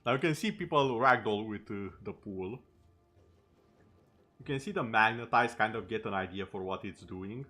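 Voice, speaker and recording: A man's voice: lowish voice, moderate pace, bright, forceful tone, faint music behind. A male streamer in casual chat over gameplay, talking easily and tossing in sarcastic asides.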